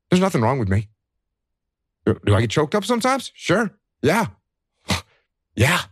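A veteran who has lost friends speaks earnestly to fellow veterans about emotions, in a medium-pitched voice with a breathy edge. He poses questions to himself, answers them, and repeats his key points. The studio-quality recording has no room sound.

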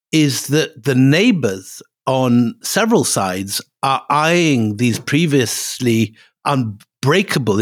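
An older man co-hosting a history podcast, explaining in a measured, deliberate way. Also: mid-range voice.

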